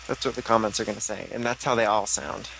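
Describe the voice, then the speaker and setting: A man's voice: lowish voice, steady tone, quick pace, creaky, noisy background. A man co-hosting a casual podcast chat, making jokey, crude banter. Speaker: podcast co-host.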